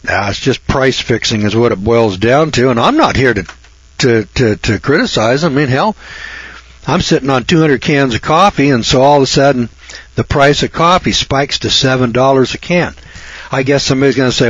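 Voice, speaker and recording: Folksy ranting man, husky voice. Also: mid-range voice, normal speed, long pauses, dry recording, highs cut off. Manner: folksy, sarcastic, animated rant. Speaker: online video host. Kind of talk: casual ranting monologue.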